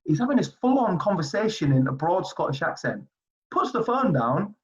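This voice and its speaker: Rambling animated Englishman, dull audio. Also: sits high, normal speed. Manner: animated, rambling, full of fillers. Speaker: streetball player guest. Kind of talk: casual interview storytelling.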